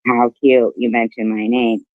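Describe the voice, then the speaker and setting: A man's voice: medium pitch, flat delivery, a little slow, no room sound. A man co-hosting a livestream, reading viewer comments aloud in a mocking way. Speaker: livestream co-host reading chat. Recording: slightly muffled stream audio.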